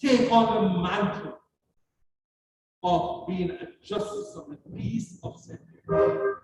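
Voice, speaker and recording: A Jamaican-accented speaker gives a ceremonial address at a measured, unhurried pace. The delivery is earnest and built on stories, with words repeated for emphasis. The voice sits far from the mic in a heavily reverberant hall, with faint ambient noise behind it. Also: mid-range voice, big pitch swings. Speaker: guest speaker at a justice of the peace commissioning. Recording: distant voice in a very echoey hall.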